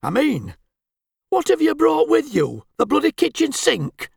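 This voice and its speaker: A man's voice: high-pitched, lively intonation, moderate pace, gravelly, no echo, studio quality, full character voice. A man voicing a grumbling, stingy, middle-aged husband who swears and complains sarcastically.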